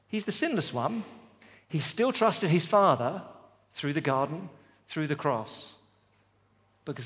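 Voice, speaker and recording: A man's voice: on the high side, big pitch swings, takes it slowly, long pauses, in a large hall. A man preaching a sermon at a festival, with an emphatic, repetitive cadence. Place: festival venue.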